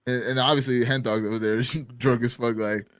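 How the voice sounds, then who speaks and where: Animated man telling a story. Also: mid-range voice, moderate pace, dry recording. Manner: animated, swears a lot, acts out quotes loudly. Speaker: podcast co-host. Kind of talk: casual storytelling chat.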